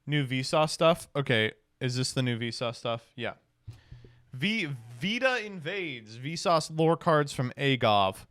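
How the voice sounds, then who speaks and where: A man's voice: mid-range voice, unhurried, few pauses, fairly bright tone, smooth, dry recording. A man streaming, casually reading card game rules aloud and reacting with wry, sighing remarks.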